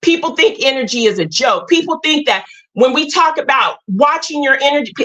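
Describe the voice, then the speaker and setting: A woman's voice: high-pitched, animated, fairly quick, bright, forceful tone, poor audio. A woman hosting a livestream, giving an impassioned, blunt and preachy spiritual talk to her viewers. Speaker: livestream host.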